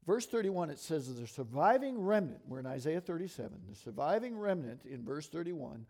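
Fast-talking man teaching a sermon. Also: a little high. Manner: lively, conversational, talks fast and asks the audience questions. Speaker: bible teacher.

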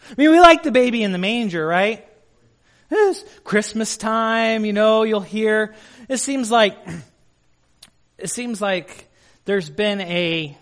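A male pastor preaching a sermon in an emphatic way, putting questions to the congregation. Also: sits high.

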